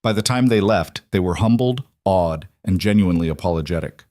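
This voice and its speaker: Low-voiced man narrating a western romance. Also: a little fast, a little mellow, no room sound, studio quality. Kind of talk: scripted storybook narration.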